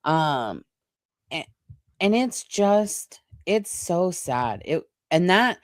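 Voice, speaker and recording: Woman, podcast co-host, low voice, slow, earnest and empathetic, dry close mic. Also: sing-song, no room sound. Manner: unhurried, earnest and empathetic, dwells on feelings. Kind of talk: casual podcast chat.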